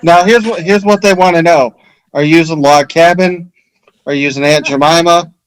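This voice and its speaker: A man's voice: fairly high pitch, fairly even intonation, moderate pace, clear, resonant tone, no echo, low-quality recording. Man, mock-serious disclaimers and segment intros, dry close sound. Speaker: podcast co-host. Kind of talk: crude comedic banter.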